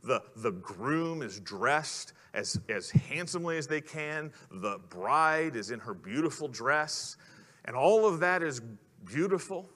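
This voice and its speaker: A man's voice: fairly high pitch, animated, a little slow, a bit bright. A man preaching a sermon in an earnest way, putting questions to the congregation. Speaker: pastor. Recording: long hall reverb.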